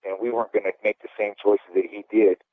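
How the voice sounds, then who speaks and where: A man's voice: lowish voice, flat delivery, fast talker, dry recording. A man in his fifties, a former boxer, telling his life story in an interview in a candid, rambling way, often asking "okay?". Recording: dry, phone-like audio.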